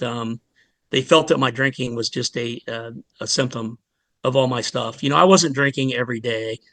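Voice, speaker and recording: Middle-aged man, earnest, halting, mid-pitched voice, dry close sound. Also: sharp tone, no room sound. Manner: earnest, halting, retelling his story. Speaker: fire department lieutenant, guest. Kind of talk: candid podcast interview.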